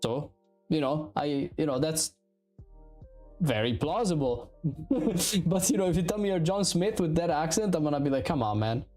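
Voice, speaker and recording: A man in his thirties from Italy with an Italian accent, chatting casually and profanely while streaming game development, rambling and animated. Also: on the high side, normal speed, pauses often, faint music behind. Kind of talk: casual livestream chat.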